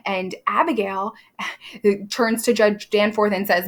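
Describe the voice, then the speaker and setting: A woman's voice: medium pitch, fairly even intonation, measured pace, creaky, fairly bright tone. A young adult woman teaching, explaining a play in a casual way with lots of fillers. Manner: casual, many fillers, briefly acts out quoted lines.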